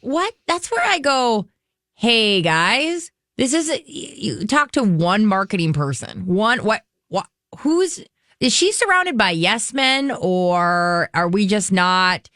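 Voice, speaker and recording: A woman from Minnesota co-hosts a casual entertainment gossip show, tossing in quick questions and blunt opinions. Her pitch moves a great deal while she talks. The sound is dry and close. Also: very animated, a bit bright, no echo. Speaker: radio show co-host.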